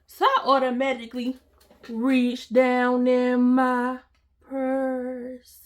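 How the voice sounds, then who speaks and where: Animated woman telling a story. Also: high voice, slow pace. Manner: dramatic, talks straight to the viewers with slang and exaggeration. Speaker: storytime vlogger.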